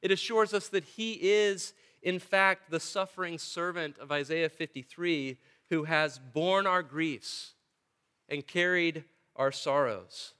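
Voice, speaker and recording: A man's voice: a little high, takes it slowly, pushed and bright, clear, resonant tone. A male pastor preaching a sermon in a church, earnest and emphatic, with touches of dry humor. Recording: long church reverb.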